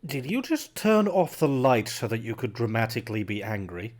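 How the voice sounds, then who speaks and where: A man doing game commentary on stream, sarcastic, profane and loudly exasperated. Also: medium pitch, very animated, moderate pace. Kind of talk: game let's play commentary. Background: game music.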